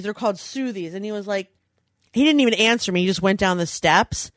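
A woman in her thirties telling an animated story in casual chat, laughing often and swearing freely. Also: mid-range voice, fairly quick, dry recording. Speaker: storyteller, mother.

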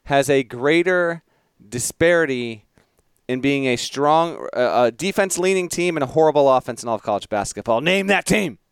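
A man's voice: on the high side, animated, moderate pace, clean tone, dry recording, clean studio sound. A man co-hosting a casual sports podcast, playful and quizzing his co-host with trivia.

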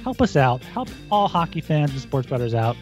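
A man's voice: medium pitch, big pitch swings, normal speed, darkish tone, soft background music. A man co-hosting a hockey betting podcast, easygoing and upbeat in casual chat. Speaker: podcast co-host.

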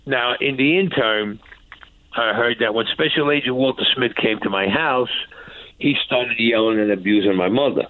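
A man's voice: medium pitch, normal speed, no room sound. A man telling a courtroom story, bluntly and profanely, acting out what each person said. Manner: acts out quotes, blunt and profane. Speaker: former mob enforcer guest. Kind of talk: animated storytelling. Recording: dry tinny phone-like line.

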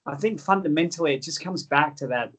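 A man's voice: fairly high pitch, fast, fairly bright tone, husky, rough recording. An Australian man, a guest author, earnestly telling stories in an interview, often repeating words as he starts his sentences. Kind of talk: conversational interview storytelling.

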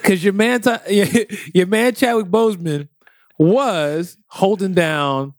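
A man co-hosting a casual podcast, talking in an animated, playful, joking way. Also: sits high, slow, no room sound, studio quality. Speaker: podcast co-host.

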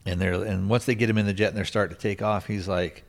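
A man's voice: lowish voice, fairly even intonation, fast. A man hosting a podcast, casually retelling a film's plot in a rambling way, with many restarts and filler words. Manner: rambling, lots of restarts and "you know". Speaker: podcast host reviewing a film.

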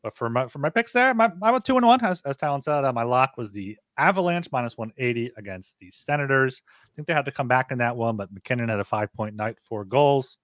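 A man co-hosting a sports-betting podcast, recapping picks in an easygoing, halting way. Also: mid-range voice, expressive, fairly bright tone, no echo, studio quality. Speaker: podcast co-host. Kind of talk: casual sports-betting chat.

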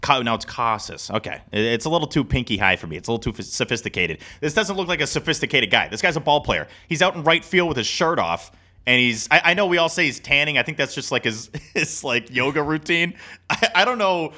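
A man's voice: on the high side, very animated, fast talker, bright, forceful tone. A man co-hosting a sports podcast, talking in rambling casual chat with many restarts and laughs. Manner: rambling, self-interrupting, laughs often. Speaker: podcast co-host.

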